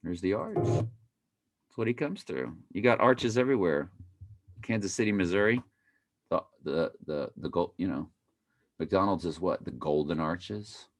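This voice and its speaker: A man's voice: low voice, normal speed. A man giving casual, playful commentary over a video he plays, repeating phrases in a mock chant and breaking into sudden exclamations.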